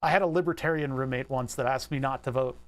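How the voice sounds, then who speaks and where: A man's voice: mid-range voice, fast talker. A man livestreaming, chatting casually while working on electronics, rambling with profane, laughing asides.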